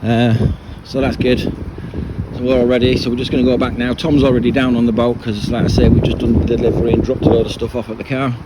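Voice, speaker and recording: A man talks through a casual walking commentary at a marina, chatty and rambling, often restarting sentences midway. His voice sits at an ordinary middle pitch for a man. Loud gusts of wind batter the camera microphone the whole time. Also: flat delivery, fast talker. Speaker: vlogger and boat owner. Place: outdoors at a marina on a wet, windy day. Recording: loud wind noise on the mic.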